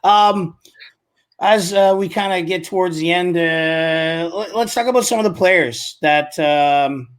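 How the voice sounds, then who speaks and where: Guy interviewing a ballplayer, slightly high voice, relaxed, lots of ums. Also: a little slow, clean tone. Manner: relaxed, many fillers. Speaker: host, interviewer. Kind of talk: casual interview.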